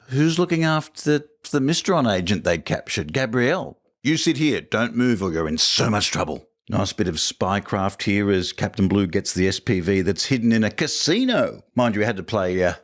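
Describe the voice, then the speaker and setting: A man's voice: on the low side, expressive, normal speed, few pauses. A man hosting a podcast, reviewing an episode in a wry, joking commentary and firing off rhetorical questions. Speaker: podcast host.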